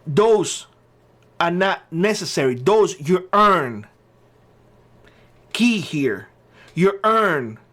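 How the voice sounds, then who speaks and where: A man's voice: high voice, expressive, very slow, long pauses, fairly bright tone. A man hosting his own channel, giving blunt opinion commentary and hammering his points by repeating short phrases. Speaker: channel host.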